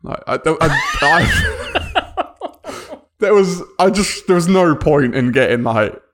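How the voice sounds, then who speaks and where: A man co-hosting a casual podcast, telling a story in a calm, laid-back way. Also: a little high, slow pace. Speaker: podcast co-host. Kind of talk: casual chat.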